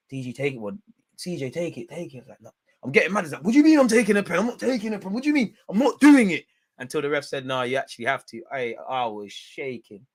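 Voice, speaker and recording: A young man with a London accent, chatting casually on a football watch-along stream in heavy slang, swinging between loud hype and low mutters. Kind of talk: casual live-stream chat.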